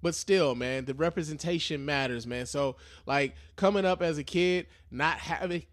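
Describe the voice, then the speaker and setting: Young man, podcast host, casual live talk, street slang, swears a lot, slightly high voice. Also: normal speed. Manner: loose, profane, animated street slang.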